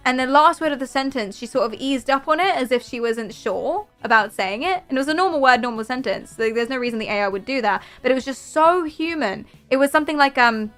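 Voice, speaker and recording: Picture a young woman on a live stream, gushing and excitable as she chats with her viewers. Her voice sits fairly high, with faint music playing behind her. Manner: gushing, excitable, talking to chat. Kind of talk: casual live-stream chat.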